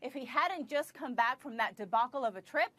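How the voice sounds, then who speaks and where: Woman from puerto rico on a news panel, high voice, firm and passionate. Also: lively intonation, brisk, fairly bright tone. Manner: passionate, firm, pushes back. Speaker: panel commentator. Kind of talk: cable news panel debate.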